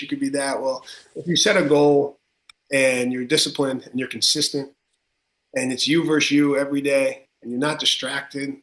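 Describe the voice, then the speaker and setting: Energetic coach with a tri-state accent. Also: male voice, medium pitch. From Connecticut. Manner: energetic, emphatic, many filler words. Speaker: football coach. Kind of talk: podcast interview. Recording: roomy echo.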